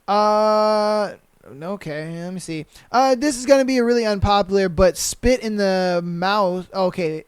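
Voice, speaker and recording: A young man hosting a podcast, reading listener answers aloud and reacting with loose, profane slang and sudden loud outbursts. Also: high-pitched, clear, resonant tone, dry recording. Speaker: podcast host.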